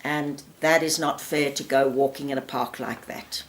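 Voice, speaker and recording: A woman giving firm, practical advice on dog handling, acting out owners' lines in quick quotes. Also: a bass voice, fairly even intonation. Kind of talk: advice talk to camera.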